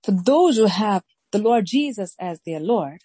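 A woman pastor preaching a sermon slowly and emphatically, repeating key phrases and reading scripture aloud. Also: mid-range voice, expressive, mellow, husky, no echo, poor audio. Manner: slow, emphatic preaching with deliberate repetition.

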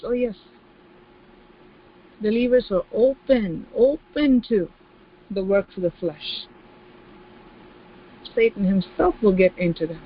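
A woman's voice: mid-range voice, expressive, takes it slowly, pauses often, husky, highs cut off. A woman preaching a sermon with emphasis, repeating key phrases and acting out the voices of the people she quotes.

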